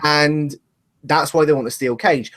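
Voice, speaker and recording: A man's voice: a little high, steady tone, measured pace, a bit bright. A man co-hosting a casual live discussion show, rambling and speculating, laughing at himself, talking over a webcam. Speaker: podcast co-host.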